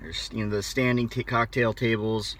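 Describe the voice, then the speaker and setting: An American man tells a personal anecdote in a loose, conversational way. His voice sits a little low, and he gets animated, often stopping and restarting his phrases as he goes. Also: normal speed. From United States. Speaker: motivational speaker. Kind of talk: casual storytelling.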